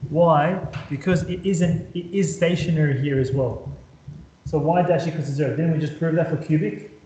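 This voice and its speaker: Male maths tutor with a slightly high voice, talks while sketching graphs, echoey room. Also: darkish tone, a little hiss or hum. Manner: talks while drawing, repeats words, quizzes the student. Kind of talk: whiteboard calculus lesson.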